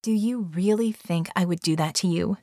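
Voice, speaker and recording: A woman's voice: on the low side, normal speed, a little mellow, dry recording, clean studio sound, natural voice. A woman voicing a sly, self-assured young witch in an audiobook, teasing her companions.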